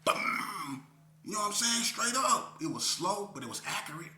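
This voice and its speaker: A man's voice: normal speed, faint music behind. A man in a casual interview, telling a story in streetwise slang and checking in with listeners as he goes. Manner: animated, climbs high when retelling. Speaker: interview guest. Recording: echoey room with faint hum.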